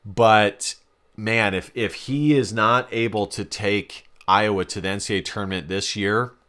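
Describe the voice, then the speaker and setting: A man's voice: on the low side, fairly even intonation, unhurried, a bit bright, clean tone. A man giving casual reaction commentary on a basketball game as a sports vlogger, emphatic and repeating phrases for stress.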